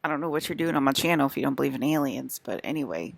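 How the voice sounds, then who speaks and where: A woman's voice: rumbling low, lively intonation, very fast, gravelly, no echo. A young woman vlogging to camera in a meandering, repetitive way, with many fillers and restarts. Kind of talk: casual rambling monologue.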